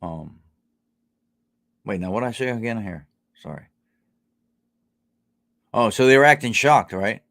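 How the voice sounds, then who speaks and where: A man's voice: fairly low pitch, animated, unhurried, long pauses, a bit bright. Blunt, profane man chatting live. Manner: blunt and profane, many fillers and restarts; indignant, rising into outrage. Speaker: livestream host. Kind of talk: casual live chat with viewers.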